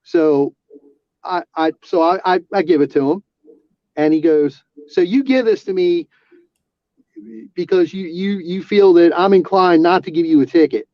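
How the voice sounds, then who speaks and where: A man, an auxiliary police officer, telling a personal story in casual talk, halting with restarts and fillers. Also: high-pitched, no room sound. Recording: dull lo-fi sound.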